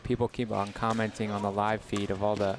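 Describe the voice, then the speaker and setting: A man's voice: fairly low pitch, flat delivery, brisk, noisy background. A man chatting casually as co-commentator during a live match. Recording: music behind.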